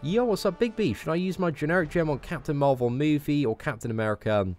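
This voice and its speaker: Chatting casually on a game live stream, this young British guy answers viewers' questions and keeps tagging "man" onto his sentences. He sounds on the high side and talks fast, with faint music behind him.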